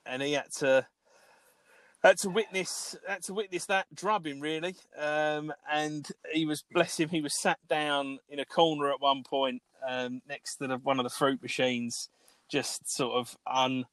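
A man's voice: fairly high pitch, steady tone, a little slow, a bit bright, no room sound. A man, co-hosting a podcast, telling a long rambling story with plenty of swearing, fillers and restarts. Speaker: podcast co-host. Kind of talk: casual storytelling chat.

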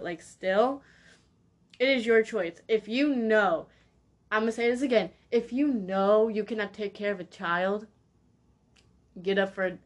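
A young woman hosting a solo podcast, ranting bluntly and heatedly in a slangy way, repeating her points for emphasis. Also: mid-range voice. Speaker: podcast host. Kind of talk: opinionated solo podcast rant.

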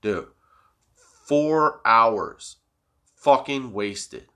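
A man hosting his own podcast, rambling in a casual, profane, self-mocking way after staying up all night high. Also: extremely slow, bright, forceful tone. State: sleepless and high. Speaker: podcast host.

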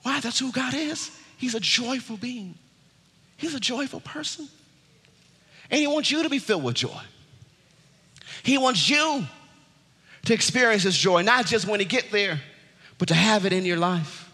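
A man preaching a sermon as pastor, exuberant and laughing, often shouting to the congregation. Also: very high-pitched, animated, moderate pace, pauses often, husky, big-room sound. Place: church sanctuary.

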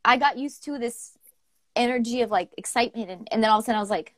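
A young woman co-hosting a poetry show over a video call, chatting casually in a giggly, animated way and swearing freely. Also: a little high, fast. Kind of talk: casual chat.

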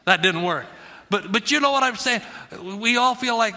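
A man's voice: sits high, expressive, normal speed, bright, forceful tone, in a large hall. A middle-aged male pastor preaching a sermon in an earnest, conversational way, repeating his phrases for emphasis.

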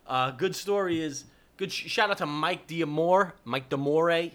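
A man's voice: fairly high pitch, measured pace. Laughing New man telling stories. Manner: laughing, swearing, animated storyteller. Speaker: podcast co-host. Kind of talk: casual storytelling chat.

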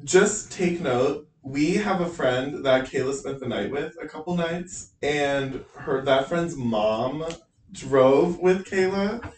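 A man's voice: on the high side, slow, recorded from a distance, slight background noise. A young man from North Carolina co-hosting a student podcast, teasing his friends in casual chat. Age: young adult. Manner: teasing, joking. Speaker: podcast co-host. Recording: echoey room, off mic.

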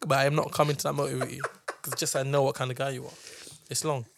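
A young man co-hosting a casual podcast chat, acting out quoted lines with lively slang. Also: medium pitch, very fast, vocal fry, background noise. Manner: animated storyteller who acts out quotes in slang. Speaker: podcast co-host.

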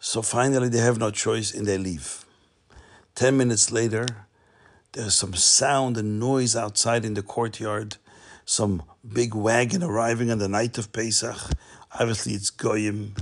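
A man with a low, gravelly voice tells a Hasidic tale. He keeps the story moving with animated delivery and leans on repeated phrases to build suspense. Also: measured pace.

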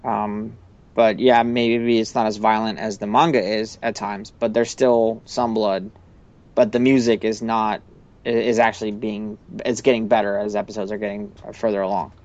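A man's voice: fairly low pitch, steady tone, moderate pace, a little mellow, lo-fi sound. A man co-hosting a podcast in casual chat, rambling with many fillers and restarts. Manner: rambling, lots of likes and restarts. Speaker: podcast co-host.

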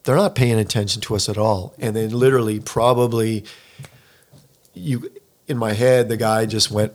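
A man in his fifties, a professional pianist, chatting casually and telling a lively anecdote. He acts out other people's lines and says "like" a lot. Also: lowish voice, normal speed. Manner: animated storyteller who acts out other people's lines, heavy use of "like". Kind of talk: casual conversation, storytelling.

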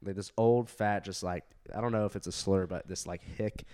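A man's voice: low-pitched, fairly even intonation, moderate pace, mellow, clear, resonant tone. Young man telling a rambling comedy story. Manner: casual, profane, laughing, lots of fillers. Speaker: stand-up comedian. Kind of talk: casual storytelling chat.

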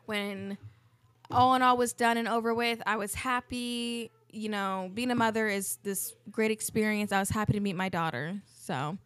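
A woman co-hosting a podcast, speaking in a warm, reflective and reassuring way. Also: medium pitch, fairly even intonation, normal speed, dry recording. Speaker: podcast co-host. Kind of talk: casual chat.

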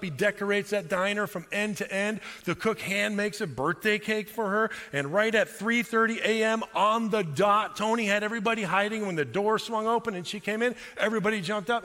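Pastor, man, bright voice, storytelling sermon and prayer. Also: high-pitched, moderate pace, big-room sound. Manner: animated storyteller, then hushed prayer.

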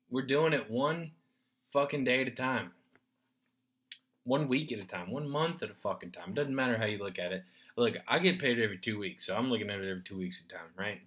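A man hosting a solo podcast, ranting in a profane, animated way, swinging between loud bursts and muttered asides. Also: on the low side. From United States. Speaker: podcast host. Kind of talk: rambling solo podcast rant.

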